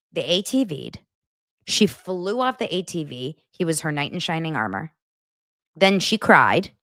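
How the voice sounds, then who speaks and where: A woman's voice: fairly low pitch, a bit bright, dry recording, clean studio sound. A woman hosting a podcast, recapping a reality show in casual, gossipy chat with sarcastic asides.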